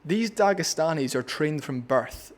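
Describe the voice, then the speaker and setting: A Scottish MMA commentator breaks down a fight on his vlog, blunt, opinionated, and profane. His voice is on the high side and animated, though his delivery is a little slow.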